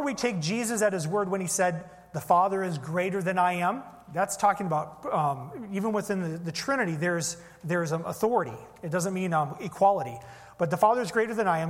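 High-voiced man preaching in a reverberant hall. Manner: teaching, explaining step by step with frequent fillers. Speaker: pastor. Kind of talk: sermon.

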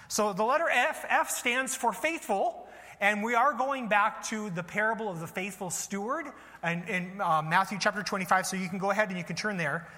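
A man preaches in a light, joking way, stopping for asides to his congregation. His voice sits high for a man and sounds bright and forward. It carries a long reverb, as if heard in a large hall. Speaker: pastor. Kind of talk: sermon.

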